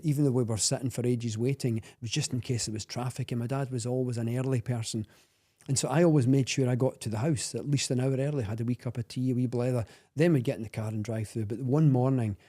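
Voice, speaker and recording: A Scottish man telling a personal story as a podcast guest, earnest and halting, with many restarts. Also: mid-range voice, warm tone.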